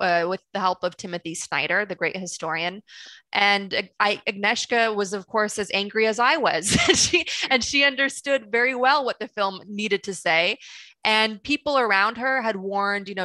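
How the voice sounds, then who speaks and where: A woman's voice: medium pitch, pushed and bright, no echo, rough recording. An American woman, a screenwriter, speaking passionately on a video call, often restarting her sentences. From United States. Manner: passionate, storytelling with many restarts. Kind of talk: webinar talk.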